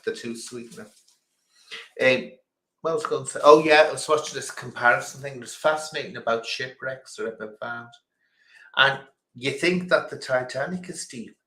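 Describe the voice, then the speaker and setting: A man's voice: mid-range voice, moderate pace, bright, forceful tone, echoey room. A man hosting a casual quiz stream, chatting and rambling between questions. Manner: chatty, rambling, chuckling asides. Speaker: quiz host.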